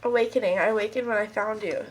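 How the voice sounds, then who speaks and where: A woman's voice: mid-range voice, steady tone, fast, slight background noise, poor audio. Stuffy-nosed woman doing a chatty tarot reading. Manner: chatty, rambling, talks straight to viewers. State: stuffed up, sniffly nose. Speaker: tarot card reader. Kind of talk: casual pick-a-card tarot reading. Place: at home with kids and a puppy nearby.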